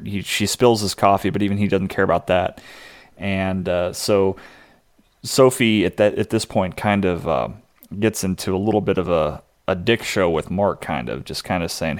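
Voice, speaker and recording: Brief: male podcast co-host, deep, relaxed and hesitant, dry mic. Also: normal speed, no room sound. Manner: laid-back, hesitant with fillers. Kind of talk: casual chat recapping a TV episode.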